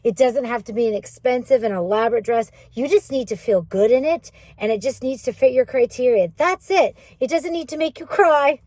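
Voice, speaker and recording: A woman's voice: a little high, fairly quick, few pauses, darkish tone. A woman hosting her own channel, telling a personal story casually and acting out both sides of the remembered conversations. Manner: chatty, acts out both sides of remembered dialogue. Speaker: channel host.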